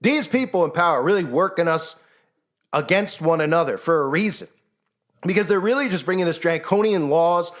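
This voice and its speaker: A man's voice: sits high, fairly bright tone. A man giving impassioned, sarcastic commentary and mimicking the people he mocks. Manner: fervent, sarcastic, mimics mocking voices. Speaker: online commentator.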